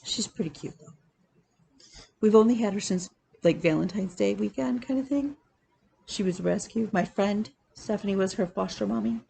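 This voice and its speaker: Woman, cross-stitch vlogger, casual chat, animated storyteller, fry in the voice. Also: medium pitch, normal speed, slight background noise. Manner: chatty, animated storytelling with laughs.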